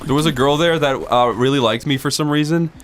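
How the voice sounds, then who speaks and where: A man casually telling rambling anecdotes while playing a video game, often jumping into shrill voices for the people he quotes. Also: quick pace, fairly bright tone, a little hiss or hum. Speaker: co-host of a gaming show. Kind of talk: casual storytelling over gameplay.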